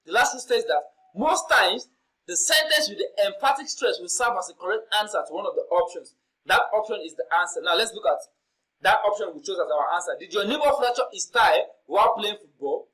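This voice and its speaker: A man leads an exam-prep lesson as a tutor. He lays out rules one by one, goes back over key points and reads each question aloud at a slow pace. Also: high voice, animated, bright, forceful tone, poor audio.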